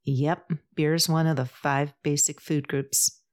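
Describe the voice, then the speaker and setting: A brash, teasing, hard-drinking woman friend from a spoken storybook, full of blunt jokes and playful jabs, as a woman reader puts her on. The voice sits low for a woman. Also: steady tone, takes it slowly, darkish tone. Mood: joking.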